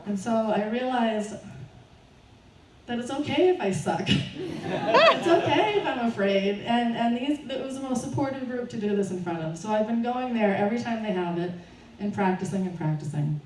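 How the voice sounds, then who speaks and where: A woman's voice: fairly high pitch, normal speed. Nervous woman telling her story, distant and roomy. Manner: nervous, laughing, animated storytelling. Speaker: speaker at a fundraiser. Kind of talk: personal story told to a live audience. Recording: roomy, distant, faint background noise.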